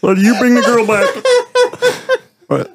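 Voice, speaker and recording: A man doing a nasal frog-puppet voice, playing a male frog who delivers a slow, threatening revenge speech for comic effect. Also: extremely high pitch, wildly swooping pitch, a loud crowd, pitched above the performer's own voice, exaggerated voice. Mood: mock menacing. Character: Kermit the Frog as a menacing revenge-seeking male frog. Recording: noisy recording.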